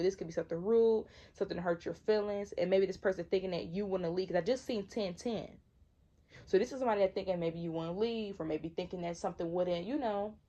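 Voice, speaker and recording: A medium-pitched, slightly mellow woman's voice belongs to a Michigan tarot reader in her twenties. She chats casually in slang, emphatically repeating herself.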